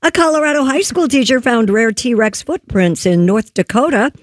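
A woman's voice: on the high side, lively intonation. A woman reading light news items on a talk radio show and joking with the hosts. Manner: reads news items with quick asides. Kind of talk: casual news chat.

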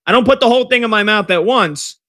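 A man's voice: high-pitched, fast, a bit bright, dry recording. A man hosting a sports radio show, chatty and rambling, with lots of fillers. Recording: dry studio sound.

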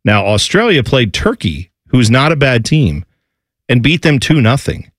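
A man's voice: mid-range voice, very animated, a little slow, no echo, clean studio sound. A man hosting a sports radio show, chatting casually in a rambling, jokey way.

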